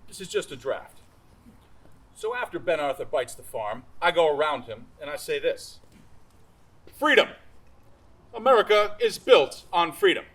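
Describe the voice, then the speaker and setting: An actor in a comic stage play playing a blustering, dim-witted politician husband with a pompous, oratorical delivery. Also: male voice, high voice, pushed and bright, full character voice, poor audio.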